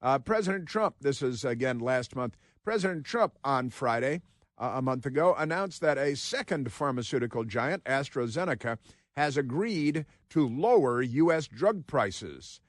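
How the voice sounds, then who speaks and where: Sardonic talk radio host, dry sound. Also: male voice, mid-range voice, expressive, normal speed, no echo. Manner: sardonic, rambling, reads headlines aloud.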